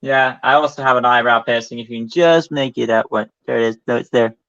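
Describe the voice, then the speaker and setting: A man's voice: medium pitch, steady tone, fairly quick, a bit bright. A young man chatting casually as a co-host ranking books, rambling and hesitant with many fillers. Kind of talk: casual livestream chat. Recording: dull lo-fi audio.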